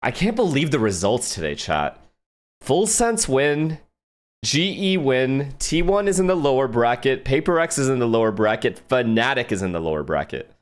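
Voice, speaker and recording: A man's voice: medium pitch, sing-song, moderate pace. A man streaming a watch party, swearing and complaining in an exasperated way. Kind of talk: live stream reaction talk.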